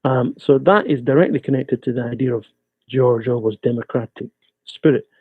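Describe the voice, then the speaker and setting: A man from Scotland, giving a measured, explanatory webinar lecture as a guest speaker over a video call. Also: medium pitch, breathy edge, no echo. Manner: measured, explanatory, pausing often. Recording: tinny, dry video-call audio.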